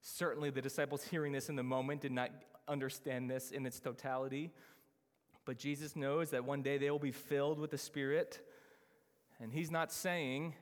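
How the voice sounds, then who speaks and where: A man preaching a sermon as pastor, emphatic, slowing down to stress key phrases. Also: mid-range voice, level tone, in a large hall.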